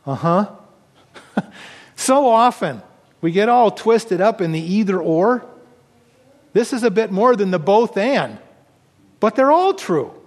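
In what sounds like a large hall with long reverb, a high-voiced pastor preaches with earnest conviction, reading scripture aloud and then explaining it. He takes his time, with long pauses and lively intonation.

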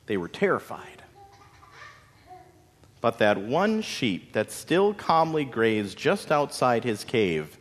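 A man tells a story with dramatic, expressive delivery, dropping in folksy asides. He doesn't rush, and his pitch rises and falls widely. Each phrase is followed by a long hall reverb.

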